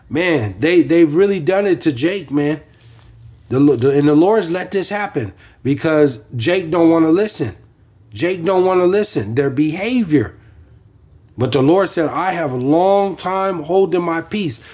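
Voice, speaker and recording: A man's voice: fairly high pitch, animated, measured pace, darkish tone, slightly rough. A man preaching informally from scripture, rambling with many fillers and restarts.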